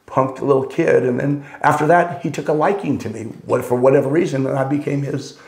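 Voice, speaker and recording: A man's voice: mid-range voice, steady tone, brisk, a little mellow. An older man telling rambling, wry anecdotes in casual conversation, often correcting himself mid-sentence. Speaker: storyteller guest. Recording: roomy echo.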